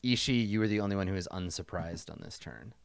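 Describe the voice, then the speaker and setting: A man running a tabletop game as its game master, narrating scenes in a loose, relaxed way with many fillers and restarts. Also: deep voice, quick pace, vocal fry, smooth, dry recording.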